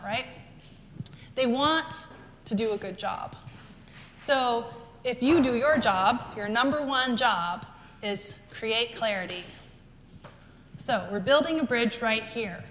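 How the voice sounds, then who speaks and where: A woman giving an animated, emphatic business talk to a live audience, acting out quoted remarks as she goes. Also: a little high, a little hiss or hum. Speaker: business speaker. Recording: echoey hall with faint ambience.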